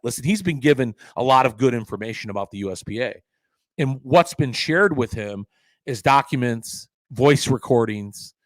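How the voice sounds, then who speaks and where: A man hosting a solo podcast in a dry, close-miked voice of middle pitch. He rants with sarcasm and indignation, swears freely, and swings from loud outbursts down to low mutters. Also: dry recording, low-quality recording. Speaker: podcast host. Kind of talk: opinionated solo podcast rant.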